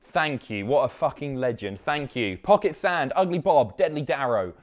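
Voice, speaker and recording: A man's voice: medium pitch, animated, moderate pace. A man hosting a casual reaction stream, chatty and sweary as he reads out viewer names.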